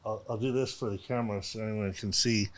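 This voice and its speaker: A man's voice: fairly low pitch, steady tone, quick pace, a crowd in the background. A man attorney chiming in with short joking asides and agreement in a casual podcast chat.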